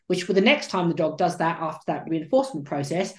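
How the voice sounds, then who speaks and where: A man's voice: on the high side, quick pace. Man explaining dog training, roomy sound. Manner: animated, acts out what the dog thinks. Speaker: dog trainer and coach, guest. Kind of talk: explanatory interview talk. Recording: roomy echo.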